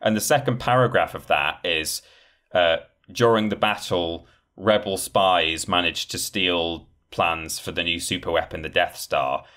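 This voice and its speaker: A man co-hosting a casual podcast, retelling things in a rambling, animated way and acting out quotes. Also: sits low, unhurried. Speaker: podcast co-host. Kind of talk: casual chat.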